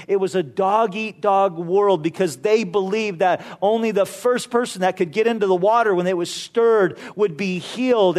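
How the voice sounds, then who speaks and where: A man with a notably high voice preaches a sermon. He tells stories in an easy, conversational way and often drops in casual asides to the listeners. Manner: conversational storytelling with frequent "you know" asides.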